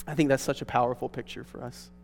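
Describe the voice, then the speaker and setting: In a church sanctuary, a pastor delivers an earnest, emphatic sermon to his congregation, his stresses rising as he goes. He talks fast in a medium-pitched, steady voice with vocal fry, captured with long hall reverb and a little hiss or hum.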